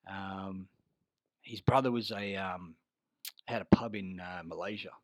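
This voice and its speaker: This Australian army veteran speaks a little slowly in a low voice with fairly even intonation, and the recording has no room sound. His profane, rambling stories wander off track, and he gets loud and heated retelling a fight.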